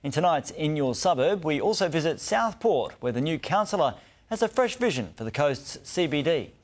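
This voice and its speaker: An Australian man presenting the evening news from the studio with crisp, even delivery. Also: fairly high pitch, moderate pace, slight background noise.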